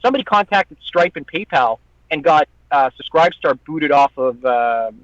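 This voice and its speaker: Guest on a chat show: a high-voiced man venting with profanity, dull lo-fi dry recording. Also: expressive, moderate pace, fairly bright tone, dry recording. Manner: heated, profane ranting with mocking quoted voices. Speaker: guest, online content creator. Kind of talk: casual podcast chat.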